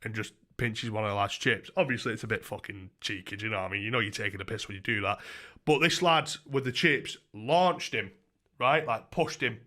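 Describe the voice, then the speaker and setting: A man's voice: on the low side, fairly quick, sharp tone. Rambling young man. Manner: rambling, chatty, swears casually. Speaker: livestreamer. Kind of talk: casual storytelling on a livestream.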